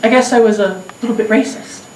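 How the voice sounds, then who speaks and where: A woman's voice: a little high, fairly even intonation, brisk, roomy sound, far from the mic, a little hiss or hum, rough recording. A woman telling a comic personal story onstage, self-mocking and hesitant, with many fillers. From Los Angeles area.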